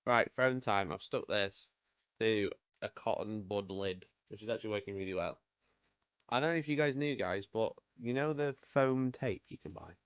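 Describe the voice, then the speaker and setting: On the low side, his voice is clear and resonant, at a moderate pace. This UK man hosts a live stream while painting miniatures, chatting casually and greeting viewers by name; the sound is lo-fi with no echo.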